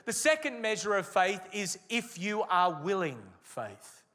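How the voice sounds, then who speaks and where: A man preaching a sermon as a pastor, with emphatic delivery that slows and stresses key phrases. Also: sits high, very animated, a bit bright, in a large hall.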